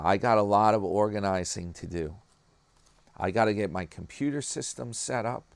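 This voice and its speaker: Rambling low-voiced New York vlogger man. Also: smooth, no room sound. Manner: chatty, rambling, peppers talk with "man" and "guys". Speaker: YouTube commentary vlogger. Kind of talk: casual rambling commentary.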